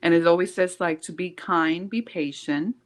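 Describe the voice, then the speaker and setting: A woman co-hosting a podcast in casual chat, animated and laughing often, slipping in Spanish phrases. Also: lowish voice, normal speed. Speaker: podcast co-host.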